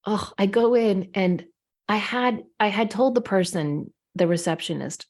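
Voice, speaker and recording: A woman's voice: medium pitch, animated, a little slow, darkish tone. A woman co-hosting a podcast, telling stories in an indignant, opinionated way during casual chat. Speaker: podcast co-host.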